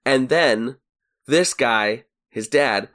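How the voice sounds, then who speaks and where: A podcast co-host chats casually while analysing a series, occasionally acting out characters' lines. His voice is mid-range with a fairly bright tone, and he speaks extremely slowly.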